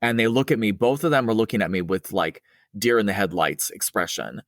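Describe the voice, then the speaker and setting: A man's voice: on the low side, fairly quick, no room sound, clean studio sound. A middle-aged man telling a spooky personal story in a casual, rambling way, with many fillers and restarts, raising his voice to act out other people's lines. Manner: acts out quoted dialogue in a raised, excited voice. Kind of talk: casual spoken ghost story.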